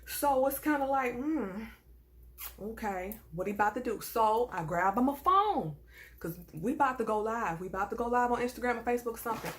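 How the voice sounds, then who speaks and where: A young woman from the American South with a Southern accent, telling a personal story in a casual, animated and indignant way. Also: on the high side. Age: young adult. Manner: animated, indignant, swings between hushed asides and raised outbursts.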